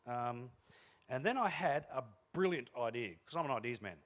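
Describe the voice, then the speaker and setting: A man's voice: medium pitch, moderate pace. A middle-aged Australian man giving a comic motivational keynote talk to a room, telling stories with jokes. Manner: animated, joking storyteller. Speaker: keynote speaker. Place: room with a live audience.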